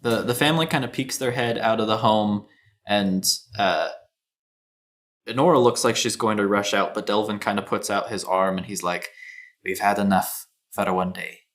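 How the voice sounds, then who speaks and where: A man running a tabletop game as game master, narrating scenes in a relaxed, descriptive way. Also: lowish voice, normal speed.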